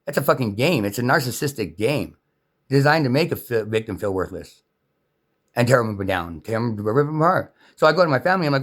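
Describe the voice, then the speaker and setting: A man's voice: mid-range voice, expressive, brisk. Brief: male vlogger, heated profane rant, mid-range voice, circles back on his points. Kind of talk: angry unscripted rant.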